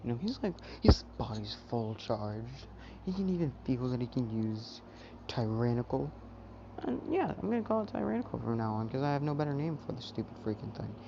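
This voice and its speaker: A man's voice: mid-range voice, big pitch swings, a little fast, vocal fry. A young man casually retelling a fan story on YouTube, rambling and full of fillers. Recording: dull, noisy home mic.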